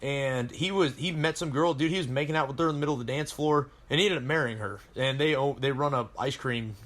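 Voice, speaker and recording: A man's voice: medium pitch, fast talker, a bit bright. A man in his thirties from Colorado, a Marine veteran guest telling rambling, profane stories in casual chat. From Colorado, USA.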